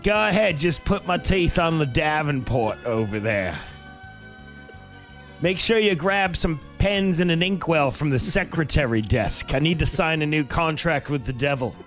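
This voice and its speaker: A man's voice: on the high side, lively intonation, normal speed, fairly bright tone, soft background music, pitched above the performer's own voice. A man doing a leering old rock star with an Australian twang. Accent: put-on Australian. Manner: lecherous, doddering. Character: aged male rock star, creaky, leering.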